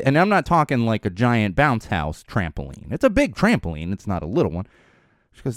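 A man's voice: on the low side, very animated, quick pace, no echo, clean studio sound. A man in his thirties from the Los Angeles area hosting a podcast, talking in a rambling, casual way with lots of fillers, laughs and the odd swear word. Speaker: podcast host. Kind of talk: casual chat. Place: studio.

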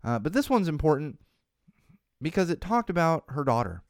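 A man's voice: a little high, sing-song, normal speed, no room sound. Man, solo podcast host, rambling and candid, dry close sound. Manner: candid and rambling, many restarts and fillers.

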